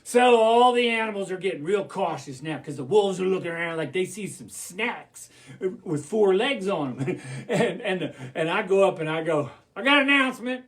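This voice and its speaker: A man performing an interactive children's story, animated and full of call-and-response. His voice sits high and bounces all over the place as he leads the crowd. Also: normal speed. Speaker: storyteller, puppeteer.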